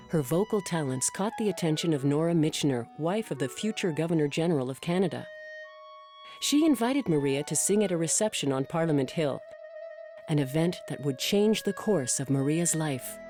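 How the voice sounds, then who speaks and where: A woman narrating a documentary in a measured, scripted delivery. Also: low-pitched, expressive, dark tone. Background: music.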